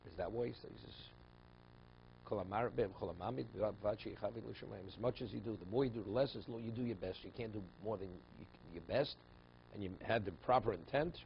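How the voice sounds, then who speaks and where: Gravelly low-voiced rabbi giving a lecture. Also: male voice, brisk. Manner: animated, rising loud on key words, with many restarts and "you know". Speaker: rabbi teaching a Talmud class. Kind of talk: spoken Torah lecture. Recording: dull lo-fi recording with faint hum.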